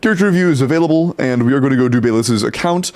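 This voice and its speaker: A man's voice: medium pitch, a little mellow. Casual young man streamer chatting. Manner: chatty, greets chat rapidly, swears casually. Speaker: streamer reviewing game accounts. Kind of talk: casual live stream chat.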